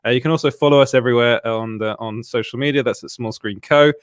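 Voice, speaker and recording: A man's voice: medium pitch, steady tone, fast talker, clean tone, no echo. Man, live-stream host, tired, rambling, uh-filled, chuckling, dry close sound. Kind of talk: casual live-stream chat.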